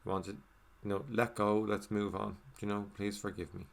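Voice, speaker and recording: Very deep-voiced man, casual reflective voiceover. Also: monotone, normal speed, creaky. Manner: casual, with many fillers like "you know" and "like"; drops to a soft murmur when repeating the meditation phrases. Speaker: English voiceover for a signed video. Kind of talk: reflective first-person voiceover.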